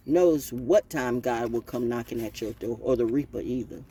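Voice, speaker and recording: A woman's voice: very deep voice, a little slow, few pauses, very noisy. A woman hosting her own channel as an oracle reader, ranting in a blunt, profane and preachy freestyle way. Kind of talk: freestyle livestream rant.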